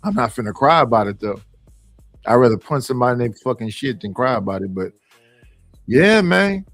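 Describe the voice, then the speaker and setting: A man's voice: mid-range voice, lively intonation, brisk, fairly bright tone, no room sound, soft background music. A man talking casually on a podcast panel, blunt, profane and emphatic. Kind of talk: casual chat.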